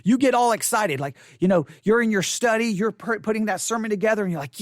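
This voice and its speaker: Male pastor, high voice, candid and self-deprecating, bursts of excitement, dry close sound. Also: fast talker, hardly any pauses, no echo. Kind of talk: expository Bible study sermon. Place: church.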